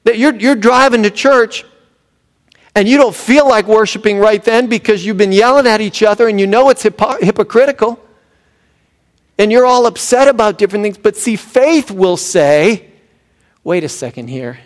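A pastor preaching a sermon, animated and swinging from loud emphasis to hushed tones. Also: male voice, sits high, moderate pace.

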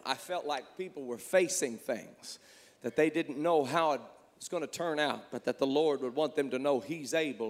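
A man's voice: medium pitch, normal speed. A male pastor preaching a sermon with a fervent preacher's cadence, recorded in a church sanctuary on a pulpit microphone. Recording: echoey church hall.

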